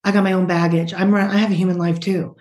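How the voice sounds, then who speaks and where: Woman, psychic medium, lowish voice, roomy echo, warm animated podcast talk. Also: quick pace. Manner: warm, animated, relays spirit messages in quotes. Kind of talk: casual podcast reading.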